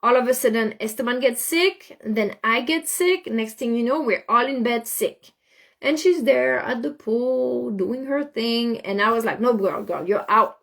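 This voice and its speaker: A woman telling a story in casual talk, animated, often repeating and restarting words. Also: a little high, measured pace, gravelly.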